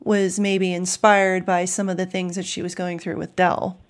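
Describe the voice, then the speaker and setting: A woman's voice: fairly low pitch, little pitch movement, moderate pace. A woman in casual podcast chat, thinking aloud and correcting herself as she recalls things. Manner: reflective, searching for words with self-corrections.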